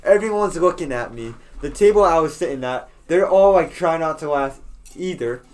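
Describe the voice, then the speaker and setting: A man's voice: on the high side, animated, normal speed. Rambling young man telling a story. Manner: rambling storyteller, swears freely, many fillers and restarts. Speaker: podcast co-host. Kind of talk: casual chat.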